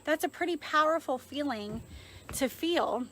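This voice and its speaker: A mother in her thirties holds her phone and earnestly, reflectively shares her story in a heartfelt vlog full of fillers. Her voice is high-pitched, expressive, and a bit bright at a measured pace, and the rough recording has a slight hiss or hum.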